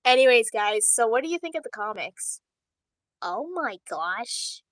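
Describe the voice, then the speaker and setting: A woman's voice: a little high, lively intonation, unhurried, no room sound, rough recording. A woman voicing a doting male animatronic rabbit father in a livestream role-play chat. She speaks in a chatty, giggly way, with flustered outbursts. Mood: fond.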